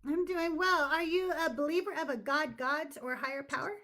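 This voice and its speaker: A woman's voice: high-pitched, fairly quick, a bit bright. A woman hosting a casual debate livestream, bubbly, laughing often and swearing casually. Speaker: podcast host.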